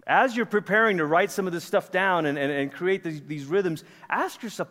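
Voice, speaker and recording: A man's voice: high-pitched, moderate pace, hardly any pauses. Male preacher, 40s, from Malaysia; easygoing, chatty storytelling delivery in a big reverberant room. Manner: animated, casual storytelling with fillers. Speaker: pastor. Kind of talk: conversational sermon. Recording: long hall reverb.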